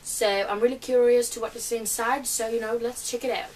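A woman's voice: a little high, steady tone, a little fast, recorded from a distance, noisy background. A woman with a cold, chatting eagerly as she unboxes items at home for her channel. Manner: chatty and eager, many fillers. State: has a cold. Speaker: book vlogger. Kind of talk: casual unboxing chat.

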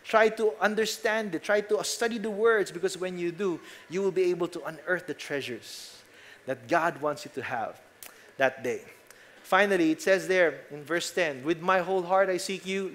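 A young man with a Filipino accent preaching a sermon earnestly, shifting emphasis and trailing off softly at the ends of phrases. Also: fairly high pitch. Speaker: pastor.

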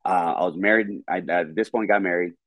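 A man guest on a podcast telling a story in a casual, animated, profane way, repeating words when excited. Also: sits low, fairly quick, dry recording.

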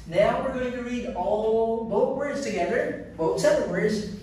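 A man teaching an English lesson, drilling pronunciation by repeating each word three times in a slow, deliberate way. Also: high-pitched, expressive, darkish tone, a little hiss or hum. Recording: echoey room, voice from a distance.

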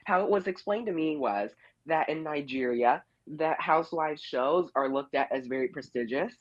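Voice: medium pitch, normal speed, dry recording. A caller giving a casual, blunt and opinionated rant about reality TV, scolding the cast members directly. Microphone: phone or online call-in. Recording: muffled call-in line.

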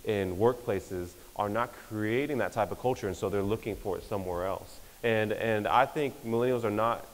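A young man, giving an energetic, joking conference talk that pokes fun at pastors. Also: fairly low pitch. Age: young adult. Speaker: speaker. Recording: hall reverb.

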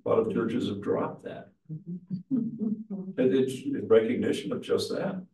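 A man who is a pastor leading an adult church class, speaking in a measured, explanatory way and putting questions to the group. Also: mid-range voice, big pitch swings, vocal fry, dark tone. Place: church meeting room. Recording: echoey room, mic far off.

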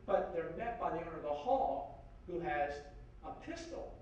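A man speaking as a guest at a university forum, telling an anecdote in a lively way and acting out the voices of the people in it, with many "like"s and "you know"s. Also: fairly high pitch, moderate pace, lo-fi sound. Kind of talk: animated anecdote storytelling. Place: university lecture hall. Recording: very echoey hall from far off, faint noise.

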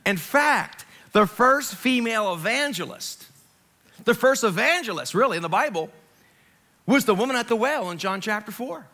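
A man from Long Island preaching an Easter sermon in a church, animated and conversational, with jokes and asides, swinging from loud to hushed. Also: sits high, moderate pace. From Long Island, New York. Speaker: pastor. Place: church sanctuary, live service.

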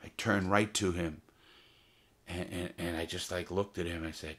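A former jewel thief telling his prison stories in a casual, profane, animated way, full of restarts. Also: low voice, moderate pace. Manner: profane, animated, heated retelling with many restarts. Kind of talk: casual storytelling to camera.

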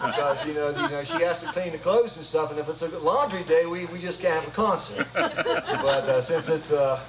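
A man's voice: on the high side, noisy background. A man leading a live gospel concert, joking between songs in a folksy stage patter. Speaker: gospel singer and bandleader. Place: church hall. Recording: roomy live hall audio from far off. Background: guitar music.

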